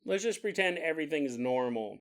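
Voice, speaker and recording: A man voicing a rude, mocking middle-aged father who throws out blunt insults in a higher, brighter voice. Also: big pitch swings, measured pace, full character voice. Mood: evasive.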